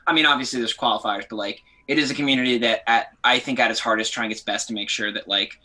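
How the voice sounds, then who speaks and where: Bright, rambling young man. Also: medium pitch, fairly even intonation, fast talker. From New Jersey. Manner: rambling, restarts often, wry. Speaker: band member guest. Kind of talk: casual interview chat.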